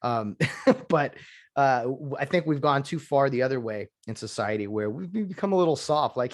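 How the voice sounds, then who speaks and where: Man, solo podcast host, rambling, opinionated, many restarts, mid-range pitch. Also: lively intonation, normal speed.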